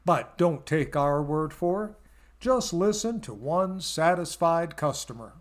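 A man delivering a comic mock infomercial in folksy cowboy slang, with a hard-sell pitch. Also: expressive, measured pace. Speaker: announcer and radio host.

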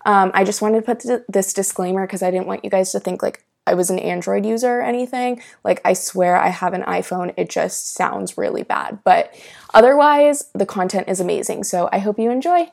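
A woman's voice: medium pitch, brisk, gravelly, a little mellow. A woman hosting a podcast, giving a chatty, joking and apologetic intro. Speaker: podcast host. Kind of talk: recorded intro disclaimer.

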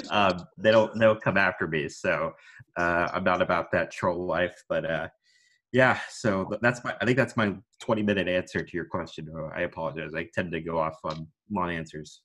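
A young man with a notably deep, low baritone talks at length as a podcast guest. He rambles and pokes fun at himself, now and then breaking into a booming announcer style. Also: fairly even intonation, normal speed, fairly bright tone. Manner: rambling, self-deprecating, with sudden announcer-style bursts. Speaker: guest, student broadcaster. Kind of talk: casual podcast chat.

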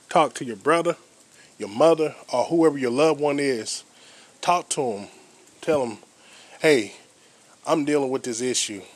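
A man's voice: mid-range voice, breathy edge. A man hosting an advice podcast, talking earnestly and repeating himself with many fillers and restarts, recorded outdoors in the rain. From United States. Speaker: podcast host. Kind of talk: casual spoken advice podcast.

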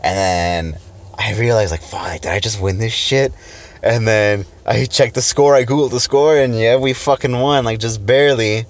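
Deep-voiced man telling a profane story. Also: steady tone, moderate pace. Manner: profane, storytelling, laughs often. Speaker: podcast co-host. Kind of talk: casual chat.

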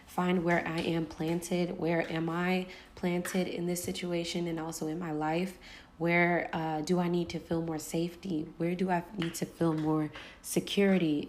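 A woman's voice: fairly low pitch, slight background noise. A woman hosting a podcast, talking candidly in a casual, spiritual monologue full of slang and the odd curse. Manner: candid and animated, with loose slang and cursing. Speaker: podcast host.

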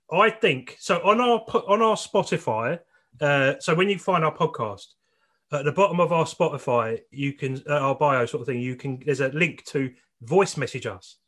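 A man's voice: on the high side, a bit bright. A man from the of England, hosting a podcast in casual chat, repeating words and laughing easily. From southeast England. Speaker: podcast host.

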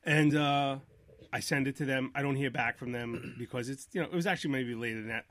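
A man's voice: mid-range voice, fairly even intonation, a little fast, a bit bright, no room sound. A man hosting a podcast, telling a long story in casual chat and acting out both sides of phone calls. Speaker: podcast host.

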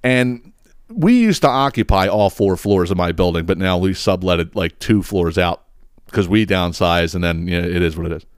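A man tells a story in a loose, profane, animated way, often acting out the lines people said to him. His voice sits a little low. The sound is dry and close, with almost no room echo. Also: moderate pace, clear, resonant tone. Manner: profane, animated storyteller who acts out quotes. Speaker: podcast host. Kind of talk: casual storytelling.

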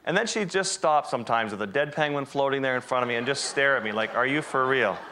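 Man telling a lively wildlife story. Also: medium pitch, quick pace, noisy background. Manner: animated and self-deprecating, with vivid asides. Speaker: wildlife photographer giving a talk. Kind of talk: storytelling presentation.

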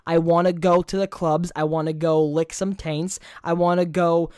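A man's voice: a little high, level tone, moderate pace, darkish tone, clean tone, no room sound, studio quality. A young man of about twenty with a New York accent, rambling crudely in casual chat and restarting his words over and over.

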